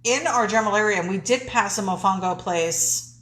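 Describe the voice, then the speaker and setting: A woman's voice: mid-range voice, a little fast, a bit bright. Giggly woman with a New Jersey accent. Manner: giggly, reads comments aloud. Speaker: co-host reading viewer comments. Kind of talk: casual live-stream banter.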